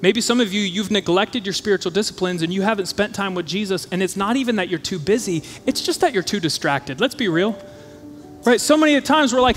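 A man preaching a sermon as a pastor, conversational and animated, acting out the voices of his listeners. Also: high-pitched, fast talker. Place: church auditorium. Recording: church hall reverb with faint music.

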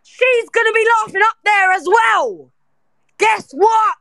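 A woman in an online audio room, her voice very high and sharp. She rants and shouts in fury, circling back to the same threats. The sound is close and dry. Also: moderate pace, dry recording. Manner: furious ranting, shouting and repeating. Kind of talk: heated online argument.

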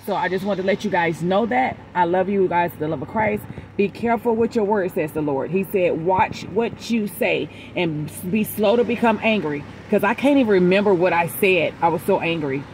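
A woman's voice: fairly low pitch, normal speed, darkish tone, a little hiss or hum, poor audio. A woman hosting her own channel, giving a casual devotional message that mixes a personal story with repeated exhortations. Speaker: preacher and channel host.

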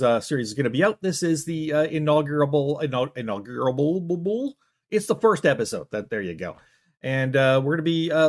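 A man hosting a comedy show, stammering and exasperated as he argues with a silent sidekick, now and then bursting into yelling. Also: fairly high pitch. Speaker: show host. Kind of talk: comic monologue arguing with a silent sidekick.

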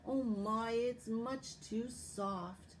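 A woman voicing a tired, hungry, fussy little girl in a read-aloud fairy tale, in a drawn-out, sighing storytelling voice. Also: on the high side, a little hiss or hum.

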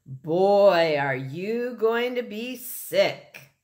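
A woman's voice: mid-range voice, animated, very slow, a little mellow. A woman voicing a mischievous, teasing boy in a read-aloud storybook, relishing each word.

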